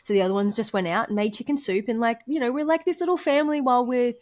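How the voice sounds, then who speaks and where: A young woman, chatting casually as a podcast co-host, bubbly and quick to laugh, with lots of "like". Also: a little high, a little mellow. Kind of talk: casual chat.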